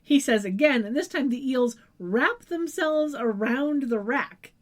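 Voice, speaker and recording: A woman co-hosting a podcast, with a voice pitched a little high. She walks through the plot in a casual recap style, adding wry asides, laughs and the odd curse. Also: animated, measured pace. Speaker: podcast co-host.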